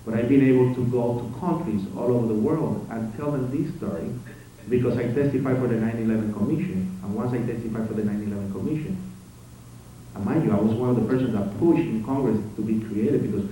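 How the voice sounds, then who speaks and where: A man giving a conference speech as first-person testimony, telling it dramatically with swings between loud outbursts and hushed passages. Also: mid-range voice, fast talker. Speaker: conference speaker. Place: conference hall. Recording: very echoey hall, distant mic, faint noise.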